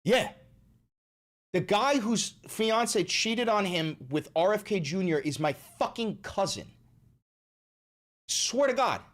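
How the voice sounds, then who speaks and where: A man's voice: high-pitched, unhurried. A man livestreaming, chatting casually with his chat and swearing often, with emphatic repeats. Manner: profane, emphatic, repeats himself.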